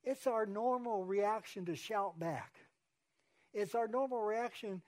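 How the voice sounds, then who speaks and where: A man's voice: high-pitched, unhurried. A man, a pastor, preaching an earnest sermon and repeating key phrases for emphasis.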